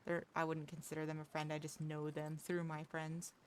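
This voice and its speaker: A woman's voice: low voice, completely flat delivery, normal speed, a little hiss or hum. Chatty woman streaming a game. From United States. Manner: chatty, rambling, restarts sentences, laughs easily. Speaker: livestreamer. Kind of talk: casual chat with viewers while gaming.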